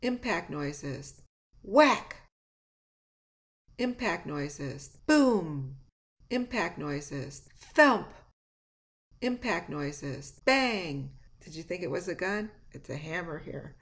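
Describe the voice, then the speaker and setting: A woman teacher reading a lesson aloud at a slow pace, singing a nursery rhyme and acting out animal and object sounds in high, loud bursts. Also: lively intonation.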